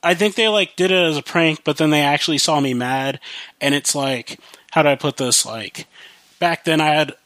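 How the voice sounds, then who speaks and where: A man's voice: a little high, normal speed, fairly bright tone, no echo. A young man hosting a podcast alone, rambling casually about his life with lots of fillers and restarts. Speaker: podcast host. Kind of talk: casual monologue.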